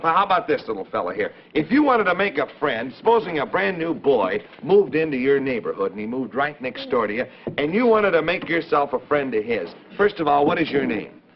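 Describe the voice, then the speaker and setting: Hearty male kids' show host, high voice. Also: very animated, a little fast, few pauses, slight background noise. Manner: hearty and coaxing, calling out to children. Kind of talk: 1940s children's television hosting. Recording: dull old 1940s TV recording.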